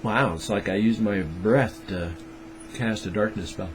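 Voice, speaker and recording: A man's voice: on the low side, measured pace. A man in his fifties talking to camera in a rambling daily vlog, wry and darkly joking. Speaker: daily vlogger. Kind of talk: rambling monologue. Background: music.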